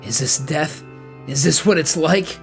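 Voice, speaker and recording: A man's voice: a little high, measured pace, creaky, soft background music. Man reading as a bitter defiant young woman. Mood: despairing.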